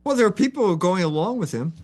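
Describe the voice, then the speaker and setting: A man's voice: sits high, animated, racing. An older man, a guest author on a live stream interview, lecturing in an opinionated, emphatic way. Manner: opinionated, emphatic lecturing with mocking quoted voices.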